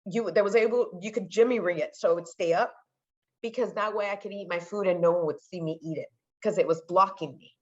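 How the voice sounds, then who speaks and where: A woman's voice: mid-range voice, brisk, darkish tone. Chatty woman on slightly muffled audio. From California, United States. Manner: chatty, acts out other people's voices in quotes. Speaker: podcast guest, sports marketer. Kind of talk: casual storytelling interview.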